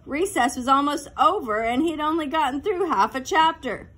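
A woman reading a children's novel aloud as narrator, with clear, lively storytelling. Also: sits high, normal speed.

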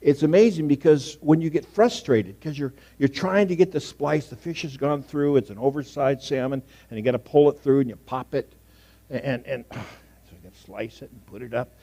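A middle-aged man preaching a sermon in a church, telling personal stories and swinging between loud emphasis and hushed asides. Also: mid-range voice, fairly quick. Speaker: pastor. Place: church sanctuary.

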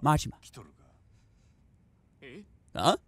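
A man giving casual commentary while streaming a video game, rambling and often restarting his sentences. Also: very slow. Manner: rambling, self-correcting with many restarts.

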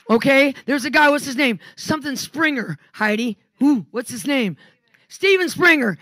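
A woman preaches with lively, animated storytelling, her voice pitched high. The sound is dry and close, with no room around it. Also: no room sound. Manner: animated storytelling, quoting others. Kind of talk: sermon with testimonies.

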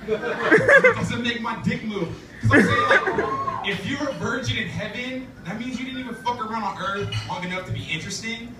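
At an open mic in a laundromat café, a man does stand-up, talking loosely and profanely with plenty of fillers. His voice is very high-pitched, its pitch swooping wildly, at a moderate pace. The live recording is roomy, distant and noisy, with audience laughter and room chatter behind him.

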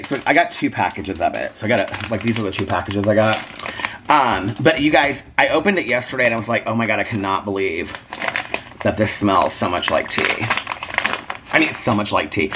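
A chatty, bubbly man talks to his camera from a home kitchen, laughing often as he goes. His pitch swings widely up and down. The recording carries a faint hiss and some clicks. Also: bright, forceful tone. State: out of breath. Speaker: vlogger. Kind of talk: casual chat.

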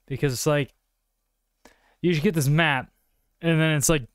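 A man's voice: on the high side, fairly even intonation, normal speed, clean tone, dry recording, clean studio sound. A male streamer giving casual gameplay commentary, joking and swearing while talking to his chat. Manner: joking and profane, talks to chat.

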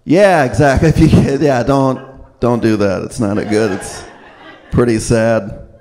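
A man doing a stand-up comedy set on a club stage, telling deadpan stories full of swearing and quick put-on voices. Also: medium pitch. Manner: deadpan storytelling, swears, acts out other voices. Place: comedy club stage before a live audience.

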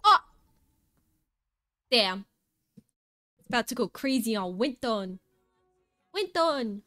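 A woman's voice: on the high side, animated, slow, a bit bright, no echo, clean studio sound. A woman streamer chatting casually and playfully with friends during a game, giggling and teasing. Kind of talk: casual gaming stream chat.

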